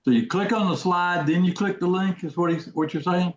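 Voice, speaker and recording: Folksy male trading host, slightly high voice, roomy lo-fi call audio. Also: fairly quick. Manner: folksy, repetitive, asks the audience questions. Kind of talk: casual live webinar talk. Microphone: video call. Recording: echoey, dull lo-fi audio.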